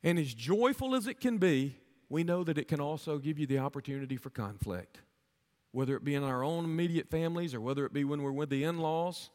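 A man's voice: a little high, brisk, a little mellow. A man preaching a sermon to his congregation, earnestly asking them rhetorical questions. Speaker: pastor. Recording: long hall reverb.

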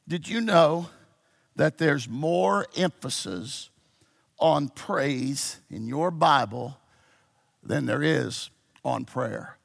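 A man preaching a sermon to a church congregation, swinging between shouted exhortation and low, intimate teaching. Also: animated, extremely slow, vocal fry.

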